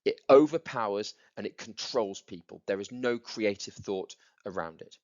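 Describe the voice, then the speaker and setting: This recorded lesson features a man whose voice is on the low side and a little mellow, speaking at a moderate pace through muffled audio. He walks his students through a poem, repeating words to stress them and tapping out its rhythm.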